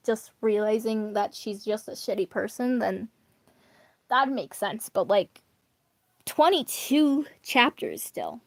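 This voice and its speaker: A woman's voice: on the high side, no room sound. A woman reading online fan fiction aloud in a casual, chatty way, often stumbling and correcting herself. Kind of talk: casual read-aloud with asides.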